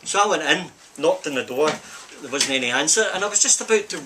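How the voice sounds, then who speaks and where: An older man with a Scottish accent spins a long, winding anecdote, repeating "I says" as he goes. His voice sits a little high and sounds sharp and forceful. A faint hum of background noise stays underneath. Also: expressive, fast. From Scotland. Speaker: film stuntman. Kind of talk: casual storytelling interview. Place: film set during a break.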